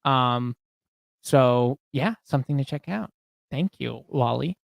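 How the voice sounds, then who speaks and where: A man's voice: mid-range voice, slow pace, creaky, no room sound. A young man co-hosting a live stream, chatting casually, reading viewer questions aloud and laughing often.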